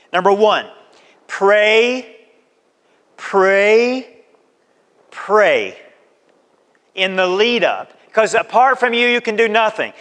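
A pastor preaches a sermon in a high-pitched, fairly bright voice, exhorting his listeners with repeated calls. He acts out everyday conversations, and the recording carries a long hall reverb.

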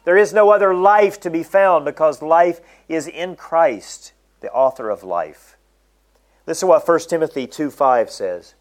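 Middle-aged guy preaching a sermon, leans hard on key words, slightly high voice. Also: sing-song. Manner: emphatic, slows down to stress key phrases.

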